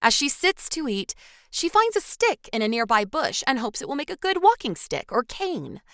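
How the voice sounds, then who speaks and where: A woman's voice: high voice, sing-song, moderate pace, fairly bright tone, dry recording. A woman co-hosting a podcast, reading a film recap with dry little asides. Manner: scripted recap broken by dry quips. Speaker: podcast co-host.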